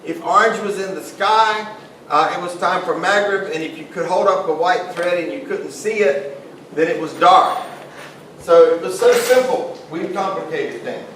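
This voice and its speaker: Guy teaching a class, kinda high voice, super echoey room, mic far off, bit of hiss. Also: normal speed, a bit bright. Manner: conversational, jokey, asks the class questions. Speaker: Islamic studies teacher. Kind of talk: classroom lecture.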